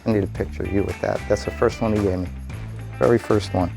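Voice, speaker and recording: A town mayor telling a story in an animated way, acting out the lines of the people in it. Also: male voice, fairly low pitch, fast, creaky, over music. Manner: animated, acts out quoted lines. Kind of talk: anecdotal storytelling.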